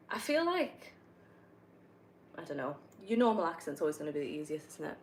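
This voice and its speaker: A woman's voice: sits low, very animated, brisk, pauses often, slight background noise, poor audio. Chatty young woman with a Northumbrian accent. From North East England. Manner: chatty, rambling, laughs often. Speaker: streamer answering viewer questions. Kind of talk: casual chat while gaming.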